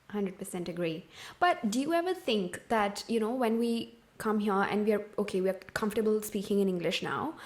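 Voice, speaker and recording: A woman co-hosting a podcast, asking questions in a relaxed, casual way. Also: mid-range voice. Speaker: podcast co-host.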